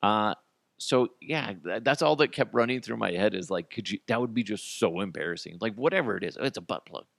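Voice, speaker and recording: A man's voice: lowish voice, animated, a little fast, creaky, fairly bright tone, no echo, clean studio sound. A man hosting a comedy podcast, rambling through crude jokes and laughing at his own bits. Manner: tosses in goofy character voices. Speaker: podcast host.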